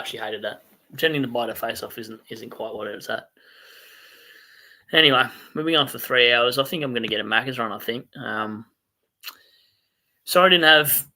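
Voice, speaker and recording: A man's voice: mid-range voice, sharp tone. An Australian man hosting a casual late-night livestream, reading viewer comments aloud in a rambling, chatty way and laughing at himself. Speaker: fantasy football stream host.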